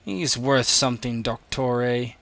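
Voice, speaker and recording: A man's voice: medium pitch, vocal fry, a bit bright, no room sound. A man voicing a haughty male arena owner who judges a fighter in a tabletop game. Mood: appraising. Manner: appraising, drawn-out.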